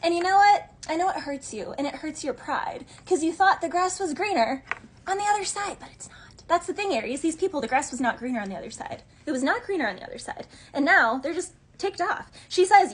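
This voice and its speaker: Woman, tarot reader, high voice, sassy casual chat. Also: expressive, a little fast. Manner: chatty and sassy, voicing imagined gossips. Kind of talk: casual tarot reading monologue.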